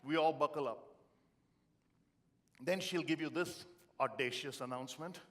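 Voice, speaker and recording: A middle-aged man from India giving a humorous motivational speech, with punchy storytelling that swings from loud to quiet. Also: fairly high pitch, a little slow. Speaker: motivational speaker.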